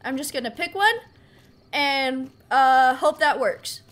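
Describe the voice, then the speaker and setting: Bubbly high-voiced woman gamer. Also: slow pace. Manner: playful, goofy, animated. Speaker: gaming video host. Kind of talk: playthrough commentary. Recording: voice over game music.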